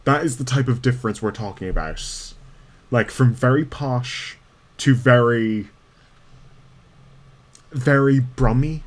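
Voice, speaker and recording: A man's voice: medium pitch, slow pace, pauses often. A man chatting casually and rambling while streaming a video game. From Ireland. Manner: rambling, chatty, frequent laughs. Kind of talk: casual gameplay commentary.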